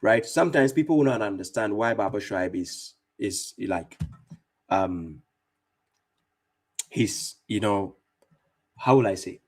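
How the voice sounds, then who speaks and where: A man's voice: on the low side, slow pace, long pauses, darkish tone. Fierce mocking male religious debater. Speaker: Islamic debater and streamer. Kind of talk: combative religious commentary.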